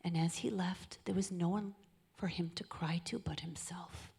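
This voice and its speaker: A woman giving an inspirational talk on marriage, often dropping into a soft, intimate near-whisper. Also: fairly low pitch, steady tone, moderate pace, gravelly, slightly rough. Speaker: speaker at a charity event.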